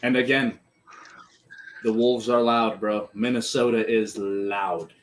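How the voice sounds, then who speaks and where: A man co-hosting a sports podcast, chatting casually and excitedly about the game and swearing freely. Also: on the low side, slow pace. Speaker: podcast co-host. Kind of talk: casual sports chat over a live game.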